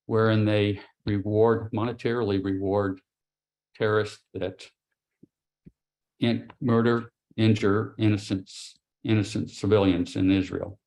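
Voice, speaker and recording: A middle-aged man, an interview guest, giving a grave personal account in a halting way, with pauses and restarts. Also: lowish voice, level tone. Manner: quiet and grave. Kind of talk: personal testimony.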